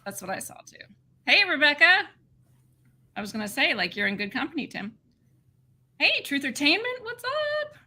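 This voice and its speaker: A woman's voice: high voice, sing-song, moderate pace, long pauses, bright, forceful tone. A woman co-hosting a casual livestream, bubbly and laughing, greeting viewers by name. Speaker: livestream co-host.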